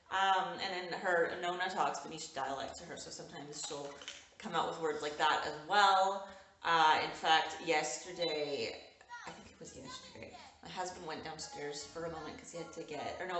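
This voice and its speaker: A young woman vlogs casually to camera from home, rambling and laughing often, lit by window light indoors. Her voice sits low and a bit bright, with a roomy echo, a distant mic and faint noise.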